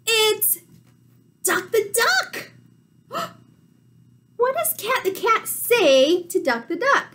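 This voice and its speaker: A woman teacher reading a picture book aloud to young children, animated and full of gasps. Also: very high voice, drawn-out words, long pauses.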